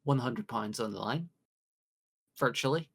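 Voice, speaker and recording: A man from the UK hosting a casual podcast quiz, joking along and reading out multiple-choice questions with drawn-out pauses. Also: mid-range voice, creaky, a bit bright, husky. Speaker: quiz host.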